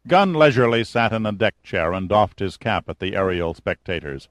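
A man narrating an audiobook in a steady, measured storytelling manner on a close mic. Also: on the low side, dry recording.

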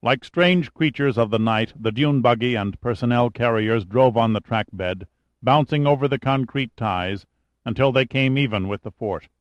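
A man narrating an adventure audiobook in a steady, even reading voice at a middle pitch. The recording is close and very dry, with no room echo at all. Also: moderate pace, highs cut off.

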